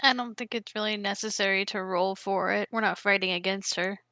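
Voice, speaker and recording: Bright-voiced woman playing a tabletop game. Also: medium pitch, steady tone, fairly quick, no room sound. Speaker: player.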